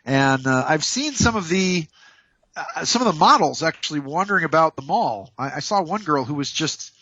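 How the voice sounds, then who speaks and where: A man's voice: fairly high pitch, lively intonation, normal speed, pushed and bright, no echo, muffled recording. Jokey male radio host on a call. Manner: playful, jokey, rambling with restarts. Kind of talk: casual radio talk. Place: hotel room. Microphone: Skype call.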